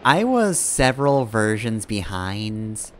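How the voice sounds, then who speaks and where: A man's voice: lowish voice, very animated, slow pace, slight background noise. A man streaming a game, giving rambling, casual commentary, often correcting himself and chuckling.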